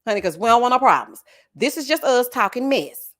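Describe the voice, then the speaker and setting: Sassy, animated woman. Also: a little high, brisk. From Texas. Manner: sassy, animated, big laughs, calls viewers honey and child. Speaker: host of a reality TV reaction channel. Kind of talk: casual reaction commentary.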